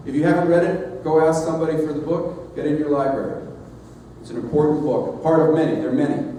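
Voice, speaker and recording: A middle-aged man giving a sermon-style address as leader of a society, speaking in a measured, earnest way with emphatic pauses. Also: fairly high pitch, warm tone, a little hiss or hum. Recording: echoey hall, mic at a distance.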